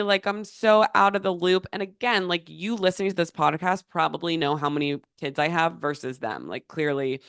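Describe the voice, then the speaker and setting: A woman's voice: low voice, clean tone, dry recording, studio quality. A young woman hosting a podcast, telling a story in a chatty, casual way, full of filler words and swearing. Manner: chatty, swears freely, many filler likes. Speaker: podcast host.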